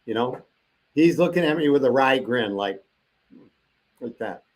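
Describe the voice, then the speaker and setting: A man's voice: medium pitch, lively intonation, measured pace. An older man as an interview guest, telling a long personal story and acting out the voices of the people he quotes.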